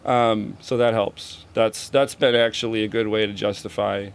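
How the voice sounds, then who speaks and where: A man's voice: lowish voice, steady tone, normal speed, gravelly, clear, resonant tone. Laid-back swearing man, rambling chat. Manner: laid-back, profane, self-deprecating, rambling. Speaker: podcast guest, touring roadie and musician. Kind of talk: casual interview chat.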